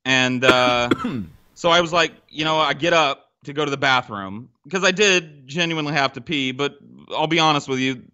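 Bright-voiced guy telling a story on a podcast mic, lots of swearing, acts out the quotes. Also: a little high, moderate pace, clean tone, lo-fi sound. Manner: animated, profane, acts out quotes. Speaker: podcast guest. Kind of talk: casual storytelling.

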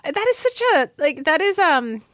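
Female podcast co-host, wry storyteller, animated pitch, dry close sound. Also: moderate pace, dry recording. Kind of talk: casual chat.

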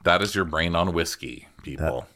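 A man co-hosting a comedy podcast, recapping a reality show in casual chat and acting out the quotes. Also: moderate pace. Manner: animated, acts out quotes in high voices. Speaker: podcast co-host.

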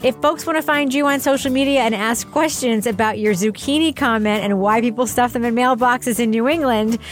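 A woman's voice: on the high side, brisk, soft background music. A woman hosting a podcast panel in casual chat, playful and often laughing mid-sentence. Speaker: podcast host leading a panel.

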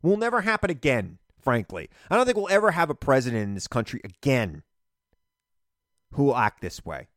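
A middle-aged man giving an animated, emphatic political monologue as a radio and TV commentator. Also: mid-range voice, a little fast, dry recording, clean studio sound.

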